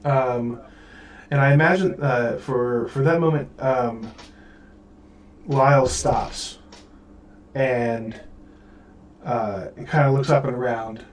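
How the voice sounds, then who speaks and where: A man's voice: medium pitch, steady tone, takes it slowly, long pauses. Guy running a tabletop game, lots of ums, kinda far off the mic, faint hiss. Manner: rambling, many fillers. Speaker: game master. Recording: roomy audio from far off mic.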